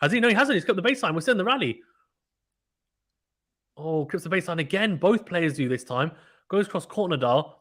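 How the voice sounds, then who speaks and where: A man hosting a live tennis watchalong stream, calling play-by-play with animated reactions and reading chat messages. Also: sits high. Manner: fast, animated play-by-play, reads chat aloud. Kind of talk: excited casual live commentary.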